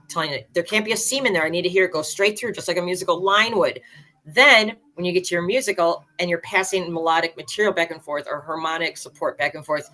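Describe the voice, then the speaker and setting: A woman in her fifties, a band director, explaining her teaching methods in an energetic, emphatic way as a podcast guest. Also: fairly low pitch. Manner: energetic, emphatic, acts out student voices.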